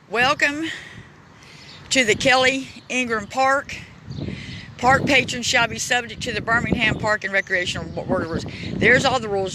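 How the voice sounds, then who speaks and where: Male vlogger, high-pitched, emotional and halting, reading plaques aloud outdoors on a phone walking tour. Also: pushed and bright, slight background noise, low-quality recording. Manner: halting reader, stumbles and restarts; emotional, close to tears. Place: outdoors in a city park.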